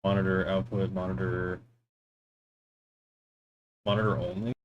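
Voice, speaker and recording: A low-pitched man streams a game in casual livestream chatter, his level tone and measured pace caught in a muffled recording with slight background noise. Using a desk mic and headphones, he mutters through settings, chats, and teases himself.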